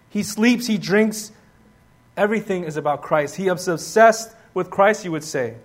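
A man's voice: high-pitched, normal speed. A man preaching a sermon with passion, asking the congregation rhetorical questions. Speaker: pastor.

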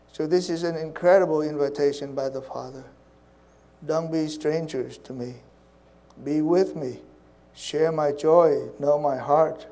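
Male preacher, sermon, earnest, hushed at times, mellow tone, flat delivery. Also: on the high side, poor audio. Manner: earnest, repeats phrases, drops to soft hushed tones.

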